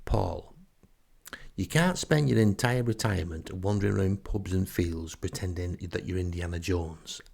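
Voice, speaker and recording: A man voicing his exasperated wife as she scolds him, in his own gravelly low voice. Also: moderate pace, a little mellow. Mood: scolding.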